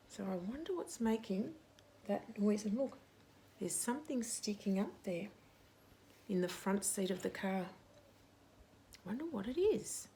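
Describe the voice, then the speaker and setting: Lady doing kids story time, slow and sing-songy, bit of faint hiss behind. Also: medium pitch, gravelly. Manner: animated, with dramatic whispers and sound effects for children. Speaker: storyteller reading a children's picture book. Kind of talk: children's story time reading.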